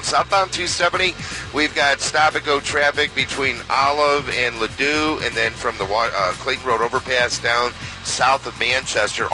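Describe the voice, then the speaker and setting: Brisk radio traffic reporter over music. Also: male voice, mid-range voice, low-quality recording. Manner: brisk, matter-of-fact. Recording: radio broadcast with music bed.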